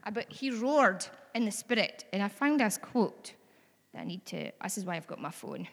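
A woman's voice: mid-range voice, fairly bright tone, breathy edge. Scottish woman preaching in a reverberant hall. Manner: chatty, earnest, rising to bold exhortation. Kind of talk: sermon.

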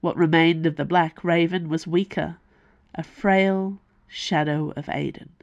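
A woman reading her own fantasy novel aloud as audiobook narration, measured and unhurried. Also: low voice, fairly even intonation, gravelly, a little mellow, muffled recording. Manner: slow, measured storytelling.

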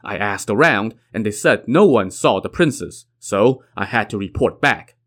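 A man's voice: on the low side, animated, normal speed, a bit bright. A man reading the lines of a loyal commander caught between duty and mercy, speaking formally. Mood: earnest. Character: loyal military commander, torn and steady.

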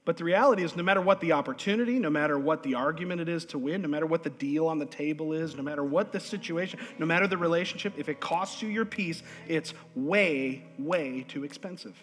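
A man preaching a sermon to a congregation, pressing his points with repeated words and calls of amen, swinging between loud emphasis and hushed asides. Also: a little high, fast talker, hardly any pauses, soft background music. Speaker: pastor. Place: church sanctuary. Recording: long reverb of a large hall.

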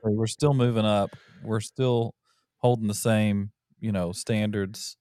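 A man's voice: on the low side, steady tone, slow, mellow, smooth, dry recording, clean studio sound. A man chatting casually as a podcast co-host, easygoing and talkative. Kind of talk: casual chat.

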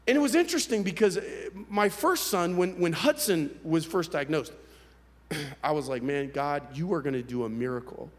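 A male pastor telling a personal story in a sermon, candid and conversational, with halting restarts. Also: on the high side, lively intonation. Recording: long hall reverb.

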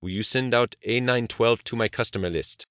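A man putting on a slow older schemer with an Arabic accent. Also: medium pitch, fairly bright tone, clean tone, no room sound, clean studio sound, voice pushed up, close to an everyday voice. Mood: measured. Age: 60s. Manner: slow, deliberate, emphatic. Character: older man with thick-tongued accent, calm conspirator.

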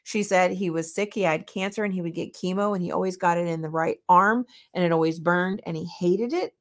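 A middle-aged woman hosting a podcast, telling a personal story in a casual, animated way and acting out the dialogue. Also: fairly low pitch, brisk. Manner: animated, acts out quoted dialogue. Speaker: podcast host.

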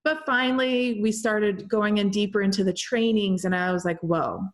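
A woman telling her own story in a casual, animated way, talking with lots of "like" and some swearing. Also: medium pitch, normal speed. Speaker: spiritual coach.

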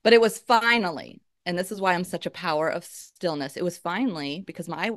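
A woman's voice: on the low side, a little fast, a bit bright, no echo, clean studio sound. A middle-aged woman, a podcast guest, earnestly telling her personal faith testimony in conversation. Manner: emotional, earnest storytelling.

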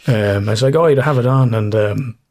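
A man's voice: medium pitch, brisk, a little mellow. A middle-aged Irish man with a Kildare accent, co-hosting a podcast in casual chat, swearing often and laughing a lot. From Ireland. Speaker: podcast co-host.

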